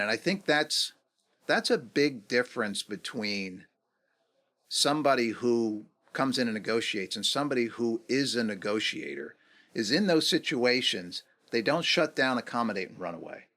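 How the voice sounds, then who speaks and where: A man in his fifties, a guest on a podcast interview, talking reflectively and acting out quoted dialogue with lively swings in pitch. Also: moderate pace. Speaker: guest, negotiation executive.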